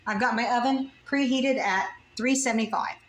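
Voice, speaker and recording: A woman's voice: a little high, moderate pace, reverberant, slight background noise, poor audio. A woman home cook casually talking through a recipe in her kitchen, chatty and thinking aloud as she works. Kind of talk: casual cooking demonstration.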